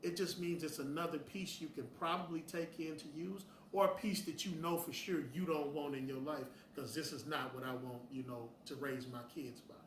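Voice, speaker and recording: A man's voice: on the high side, steady tone, normal speed, few pauses, fairly bright tone, far from the mic. A blunt, preachy middle-aged man holds forth in a slightly raised voice. He sounds set back from the mic in a roomy, echoing space with faint ambient noise. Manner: blunt, preachy, heated bursts. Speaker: host. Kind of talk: opinionated direct-to-camera talk.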